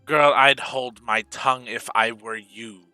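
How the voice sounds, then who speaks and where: Scheming dwarf priest, voiced by a man, smug, menacing, unhurried, dry close sound. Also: mid-range voice, steady tone, pushed and bright, clear, resonant tone, no echo, faint music behind, rough recording.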